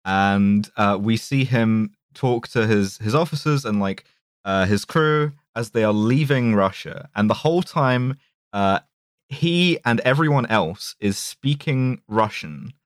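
A man's voice: on the low side, expressive, a little slow, clean tone, no echo, clean studio sound. A man on a podcast, casually recapping a movie, joking and laughing between fillers. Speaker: podcast host summarizing a film. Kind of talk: casual chat.

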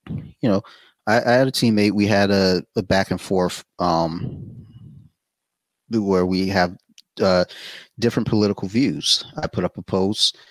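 A man chatting casually as a podcast guest, telling blunt, profane stories with animated quoted asides. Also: deep voice, no room sound. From Saudi Arabia.

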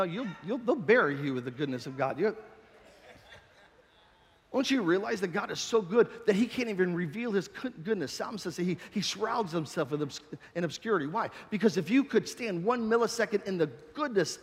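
A man preaching a sermon with passion, swinging between shouted peaks and quiet, storytelling stretches. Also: sits high, lively intonation, moderate pace, in a large hall.

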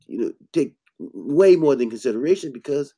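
Blunt, preachy man with a mellow voice. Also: medium pitch, sing-song, moderate pace, vocal fry. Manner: blunt, preachy, emphatic bursts. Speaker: herbalist host. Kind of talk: casual health talk.

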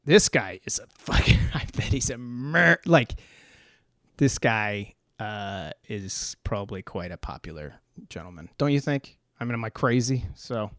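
A man's voice: fairly low pitch, animated, unhurried, fairly bright tone, no room sound, clean studio sound. Rambling, profane American man riffing. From United States. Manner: rambling, profane, joking, with many fillers and restarts. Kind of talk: casual rambling commentary.

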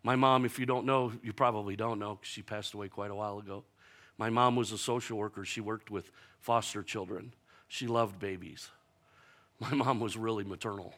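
A male pastor with a bright, forceful voice preaches with slow, emphatic repetition. He tells stories in an animated way, and his pitch and volume jump sharply when he acts out other people's lines. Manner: animated storytelling, acting out quoted voices with big jumps in pitch and loudness. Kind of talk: sermon.

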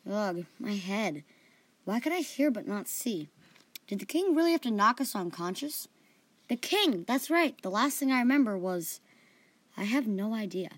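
A woman's voice: a little high, expressive, normal speed, no room sound. A woman hosting a story podcast, narrating in first person with playful asides.

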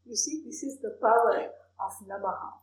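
High-voiced woman teaching in an echoey room. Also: normal speed. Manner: animated storytelling with soft laughs. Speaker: spiritual teacher. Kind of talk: explaining a Sanskrit prayer.

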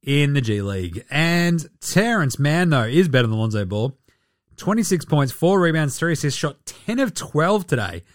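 A man's voice: on the high side, big pitch swings, normal speed, no room sound, clean studio sound. A man hosting a casual sports podcast, swearing freely and mocking players with sarcastic impressions. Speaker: podcast host.

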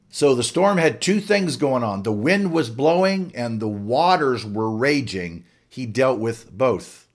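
A male pastor preaching a sermon, swinging from hushed, whispered lines to loud, fervent exhortation. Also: medium pitch.

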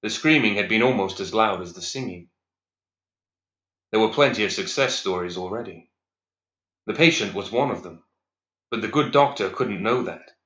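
A man reading a dark story aloud in a measured, even storytelling voice. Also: on the low side. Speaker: narrator. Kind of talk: scripted audiobook narration. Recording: echoey, slightly dull recording.

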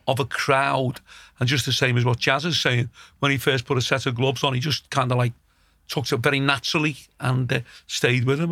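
A man's voice: medium pitch, creaky, fairly bright tone, no room sound, clean studio sound. A middle-aged male comedian, telling blunt, sweary stories in casual chat. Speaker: comedian, podcast co-host.

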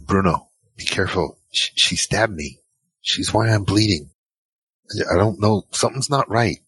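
Low husky man, stammering and shaken. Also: moderate pace, a bit bright, no echo. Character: hurt, frightened male photographer Sam. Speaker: player. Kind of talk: tabletop role-play, in character.

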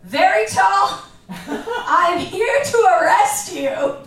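A woman voicing a hammy, swaggering undercover cop in a tabletop game, loud and over the top, half laughing. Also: very high voice, expressive, very slow, voice pushed up, exaggerated voice. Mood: mock stern. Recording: echoey room, distant mic.

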